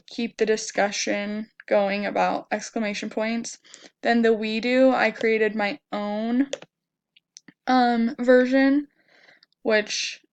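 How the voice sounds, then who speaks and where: A young woman with a slightly crackly voice, explaining a lesson plan in a hesitant way with many pauses and fillers. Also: mid-range voice. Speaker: student teacher presenting a lesson plan.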